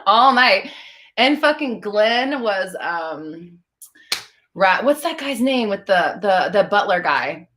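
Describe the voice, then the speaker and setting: A bright-voiced woman in her thirties chatting casually on a live stream. Her pitch swings widely as she rambles through stories, swearing freely. Her tone stays clear and forward. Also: big pitch swings, takes it slowly. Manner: profane, rambling, laughing storyteller. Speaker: podcast host answering live chat.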